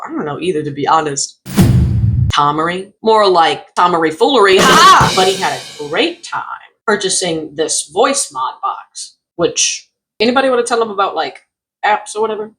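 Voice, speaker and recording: A woman riffing sarcastically on strange product reviews, her pitch leaping up and down as she reads them. Music plays steadily underneath her voice. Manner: animated, sarcastic, jumps into exaggerated voices. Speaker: host. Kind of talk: comedic product review commentary.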